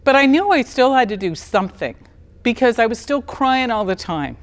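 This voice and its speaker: A woman in her fifties on a stage, telling her personal story in an animated, blunt and candid way. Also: a little high, moderate pace, long reverb tail. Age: 50s. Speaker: speaker at a talk event.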